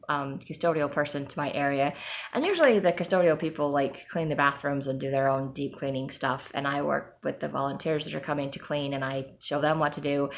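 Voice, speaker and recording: Low gravelly woman rambling candidly. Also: fairly bright tone. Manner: candid, rambling with many ums and sighs. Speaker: vlogger. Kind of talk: casual personal update.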